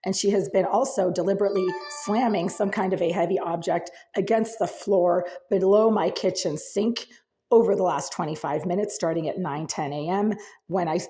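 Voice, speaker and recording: A woman recording a self-made monologue inside her apartment, speaking intensely and insistently in long run-on sentences, her voice husky and smoky-sounding, with the distance to her handheld phone shifting as she moves between rooms. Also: lowish voice, fairly even intonation, moderate pace, warm tone, soft background music. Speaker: vlogger documenting at home. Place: indoors in a small apartment, kitchen, hallway and bathroom.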